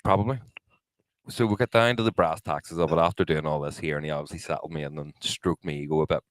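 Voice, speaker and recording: A man's voice: a bass voice, steady tone, quick pace, dry recording. A man, co-hosting a casual podcast chat, telling a long anecdote with plenty of swearing. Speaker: podcast co-host.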